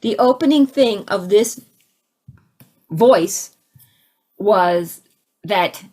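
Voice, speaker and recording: Husky woman chatting about spirit stuff, animated, keeps restarting and mimicking sounds. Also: mid-range voice, very slow. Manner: animated, imitates sounds and voices while telling a story; frequent restarts, laughs between phrases. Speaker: spiritual speaker. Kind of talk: casual storytelling talk.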